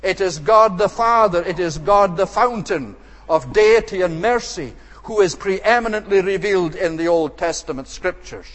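A man's voice: high voice, expressive, moderate pace, fairly bright tone. Emphatic preacher man in a reverberant hall. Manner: emphatic, repetitive rhetorical phrasing. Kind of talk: expository sermon.

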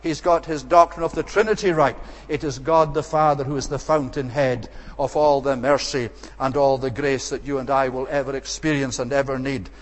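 A man's voice: mid-range voice, steady tone, moderate pace, hardly any pauses. A man preaching an expository sermon with emphatic, repetitive rhetorical phrasing. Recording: long hall reverb.

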